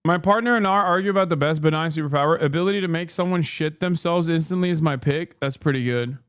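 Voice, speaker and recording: A male streamer rants in heated, profane, sarcastic commentary. His voice sits fairly high for a man. The sound is dry and close. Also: fast talker, a bit bright, clean tone, no echo. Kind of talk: live-stream rant commentary.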